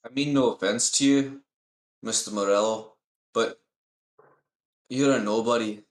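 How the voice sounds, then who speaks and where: A man putting on a gruff Scottish schemer. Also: mid-range voice, steady tone, measured pace, lightly acted. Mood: dismissive. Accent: Scottish (put on). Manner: blunt, dismissive. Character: gruff Scottish male employer, wary and scheming. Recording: roomy echo.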